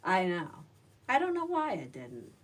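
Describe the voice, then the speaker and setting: A woman's voice: lowish voice, wildly swooping pitch, a little slow, recorded from a distance. Middle-aged woman, stand-up comic, salty and chatty, a little off-mic. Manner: chatty, salty, rambling with many fillers. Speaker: livestream host and stand-up comic. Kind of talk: casual livestream chat.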